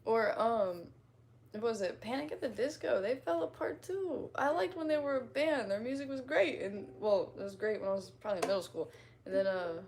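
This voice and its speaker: A woman's voice: mid-range voice, darkish tone. A young woman chatting casually with her followers, rambling in slang, laughing often and retelling stories dramatically. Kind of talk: casual chat.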